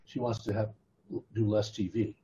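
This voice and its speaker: A man's voice: on the low side, flat delivery, normal speed, warm tone, dull audio. A man co-hosting a casual chat, adding brief, matter-of-fact remarks and suggestions. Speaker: co-host.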